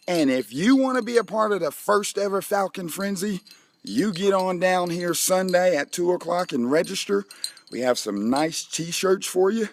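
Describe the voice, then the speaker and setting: A man's voice: sits high, expressive, normal speed, no room sound. A middle-aged man from a school, joking playfully and talking straight to children as he promotes a fun run outdoors on chilly school grounds. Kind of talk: joking promotional video for kids.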